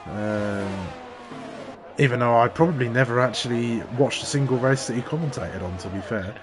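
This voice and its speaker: Dude co-commentating a sim race, rambles through stories, lots of restarts, hissy noise. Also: male voice, medium pitch. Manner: rambling storyteller, halting restarts. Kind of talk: live race commentary with anecdotes.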